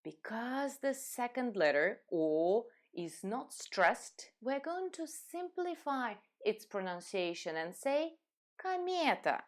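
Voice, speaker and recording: A woman with a Russian accent, a native Russian speaker, teaching letters and sounds step by step with slow demonstrations. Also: fairly high pitch, sing-song. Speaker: language teacher. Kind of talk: step-by-step pronunciation lesson.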